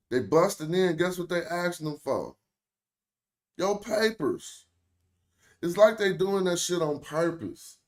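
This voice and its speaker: A young American man with an African American accent, streaming casual, joking commentary in loose slang. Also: on the high side. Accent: African American English. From United States. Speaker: streamer host.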